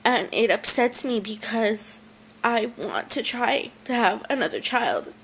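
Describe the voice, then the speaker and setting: A young woman speaking in a halting personal vlog, with many pauses and fillers, close to tears. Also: fairly high pitch, lively intonation, gravelly, a bit bright, slight background noise, low-quality recording. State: tearful. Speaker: vlogger.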